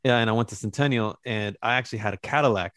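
A man hosting a podcast in casual chat, with a relaxed, slangy, rambling way of telling stories. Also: fairly low pitch, quick pace, no room sound, studio quality. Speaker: podcast host.

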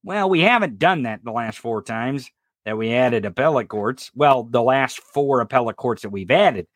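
A man's voice: mid-range voice, lively intonation, moderate pace, no room sound. A man co-hosting a political commentary podcast, talking in an impassioned, profane rant with sarcastic jabs. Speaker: podcast co-host.

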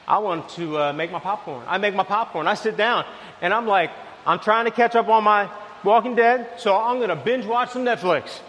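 A man preaching a sermon, telling a lively everyday story, then dropping to soft, low lines. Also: in a large hall. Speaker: pastor.

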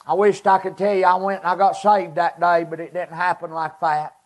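A man delivers a personal testimony from the pulpit. His voice sits very high for a man. He speaks in earnest, halting, short phrases. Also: little pitch movement. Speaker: preacher giving a personal testimony. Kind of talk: emotional testimony sermon.

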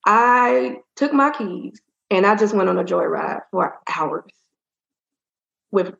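Gravelly-voiced woman telling her story. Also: medium pitch, expressive, slow, a bit bright. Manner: candid, rambling, many fillers. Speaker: interview guest. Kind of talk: casual storytelling in an interview. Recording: roomy, dull-sounding audio.

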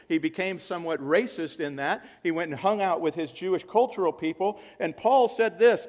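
Male pastor, high voice, conversational sermon with acted-out quotes and big swings in loudness. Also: brisk, few pauses.

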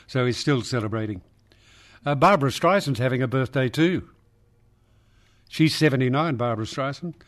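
A man hosting a talkback radio show in a dry, measured, unhurried way. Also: medium pitch, animated. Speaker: radio host.

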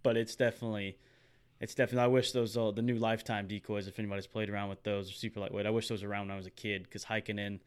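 A man's voice: on the low side, little pitch movement, racing, clear, resonant tone. A man from Texas, co-hosting a casual podcast in a chatty, self-deprecating way. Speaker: podcast co-host.

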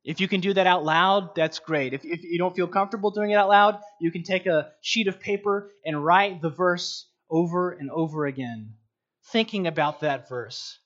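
Earnest high-voiced man teaching scripture. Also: fairly bright tone. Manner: earnest, unhurried, with frequent restarts. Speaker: Bible teacher. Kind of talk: teaching monologue on scripture meditation. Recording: dull lo-fi recording.

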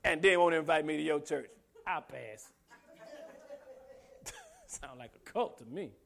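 A man's voice: a little high, expressive, measured pace, gravelly, fairly bright tone. A man preaching a sermon with emphatic rhetorical questions and humorous asides. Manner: humorous asides, laughs often.

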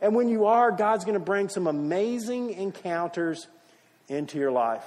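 High-voiced preacher man in a hall. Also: expressive, moderate pace, a little mellow. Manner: preaching with emphatic rises and dramatic storytelling. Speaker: pastor. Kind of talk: sermon.

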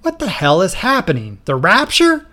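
A man's voice: on the high side, big pitch swings, normal speed. A man playing a bellowing, ranting president. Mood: angry. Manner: shouting, ranting. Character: blustering irate male president, bossy.

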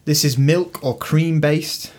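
A man's voice: on the high side, steady tone, slow, a little mellow. A man co-hosting a casual podcast chat, explaining a dish at length with joking asides. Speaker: podcast co-host.

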